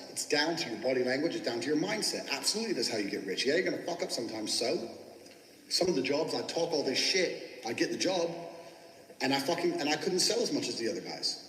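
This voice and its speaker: Brash fast-talking man in echoey room. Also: a little high, animated, fairly bright tone. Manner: brash, boastful, swears constantly. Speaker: business coach teaching sales. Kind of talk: profane motivational monologue. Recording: echoey room with long reverb.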